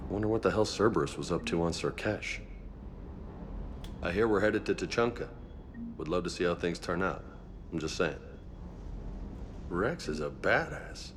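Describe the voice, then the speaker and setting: A man's voice: deep voice, animated, normal speed, pauses often, slight background noise. An actor playing a male marine squadmate who banters in an easygoing, teasing way. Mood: relaxed.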